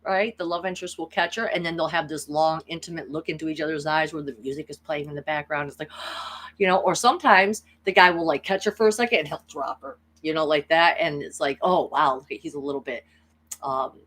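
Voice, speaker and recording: A woman's voice: deep voice, quick pace, hardly any pauses, a bit bright. A woman hosting her own spiritual video channel, retelling a film in a chatty, rambling way full of asides. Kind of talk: casual vlog storytelling.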